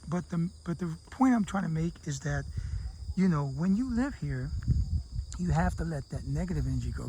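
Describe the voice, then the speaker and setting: A man with a high voice tells a long joke in a loose, casual way, jumping into the characters' voices as he goes. He talks outdoors, with a faint hum of crickets behind him. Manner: animated joke-telling, acting out the characters in raised voices. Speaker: vlogger living abroad. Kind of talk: casual storytelling to camera.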